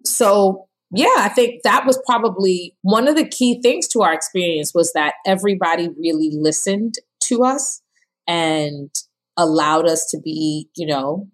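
A woman in her thirties shares her birth story as a guest on a podcast. Her voice sits lowish, and she bursts into high, animated quotes and laughter as she acts out the people in her story.

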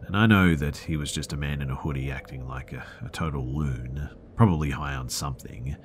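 A man's voice: extremely low pitch, a little fast, slight background noise. A man hosting a podcast, reading listener horror stories aloud in a dramatic scripted narration that sometimes drops to a whisper.

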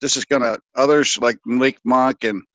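A man calling in to a sports radio show, talking in a halting, rambling way with many fillers. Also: medium pitch, steady tone, fairly bright tone, no echo, low-quality recording. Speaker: caller. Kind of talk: sports call-in talk.

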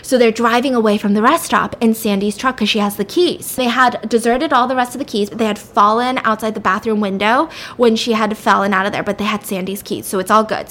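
A woman's voice: on the high side, fairly bright tone. A young woman casually retelling a plot, chatty and full of asides. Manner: chatty, fillers of "like", quick asides. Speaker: storyteller.

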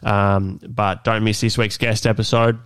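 A congested man with a nasal voice talks through his podcast, loose and unhurried, full of fillers and restarts. His low voice stays fairly flat, smooth and clear on a close, dry mic. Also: dry recording. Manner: relaxed, many fillers and restarts. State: unwell, congested. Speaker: fitness podcast host. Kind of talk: solo podcast talk.

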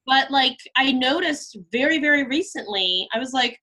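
A woman's voice: high-pitched, animated, moderate pace, sharp tone. A woman in her thirties, a podcast guest chatting casually and filling her talk with "like" and "you know". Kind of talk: casual interview chat.

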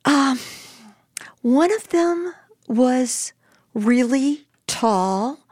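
A woman's voice: sits high, drawn-out words, dry recording, clean studio sound. An older woman vividly retelling a personal story to an interviewer, acting out what people said. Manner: lively, animated retelling with acted-out quotes.

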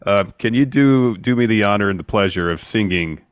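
A man co-hosting a comedy show, flustered and defensive, over-explaining himself in rapid bursts. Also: fairly low pitch, smooth, dry recording, highs cut off. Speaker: co-host and interviewer. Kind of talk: casual comedy banter.

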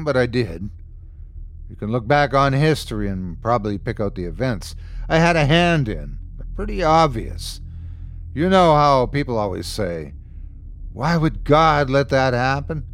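A man voicing a remorseful, frightened man who claims to be God, confessing and pleading in a horror story. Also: mid-range voice.

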